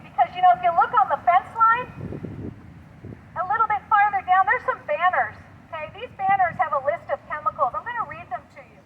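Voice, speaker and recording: Middle-aged woman activist, really high voice, earnest and chatty, slightly dull outdoor recording w/ faint traffic. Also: a little fast. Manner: earnest, conversational, with small restarts and laughs. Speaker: community activist. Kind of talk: outdoor advocacy statement. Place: outdoors by a street.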